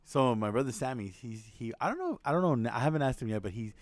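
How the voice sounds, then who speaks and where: A young man co-hosting a casual chat, telling a family story in a lively way, laughing, swearing and acting out the quotes. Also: medium pitch, fast talker, dry recording. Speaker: podcast co-host.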